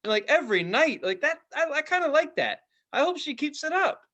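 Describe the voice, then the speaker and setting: A man's voice: very high-pitched, sing-song, brisk, pushed and bright. A man co-hosting a casual podcast chat, riffing animatedly and acting out little voices. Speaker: podcast co-host.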